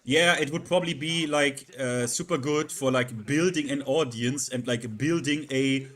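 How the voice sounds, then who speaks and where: A man streaming live and chatting casually, halting and repeating words with many fillers. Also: mid-range voice, fairly bright tone.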